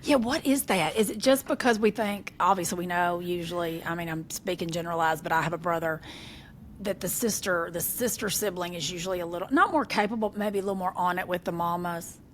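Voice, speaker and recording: A woman, a podcast co-host chatting casually and telling lively stories about family. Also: lowish voice, brisk, a little hiss or hum. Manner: animated storyteller, voices her mother. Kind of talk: casual chat.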